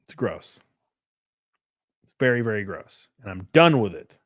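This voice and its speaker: A man's voice: fairly low pitch, very animated, a little slow, dry recording, studio quality. A young man chatting casually on a live stream, thanking viewers for donations in a loose, rambling way. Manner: loose, chatty, mumbles and hums while reading.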